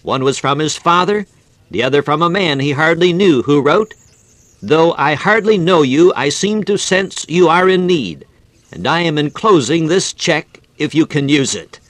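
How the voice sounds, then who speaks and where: A man delivers a fervent sermon in an old-fashioned preaching cadence. His voice sits a little high for a man. The sound is dry and close, with no room echo. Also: lively intonation, normal speed, fairly bright tone.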